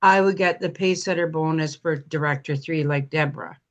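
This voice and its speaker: A woman's voice: low-pitched, moderate pace. A woman on a team call, chatting casually and telling a story, laughing easily. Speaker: team member.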